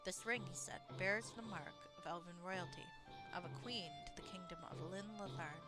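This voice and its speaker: A woman's voice: fairly low pitch, moderate pace, over loud music, close to an everyday voice. A woman voicing Vagar, a whimsical tavern lore-teller in a fantasy game, speaking in grand, old-fashioned phrases. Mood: storytelling.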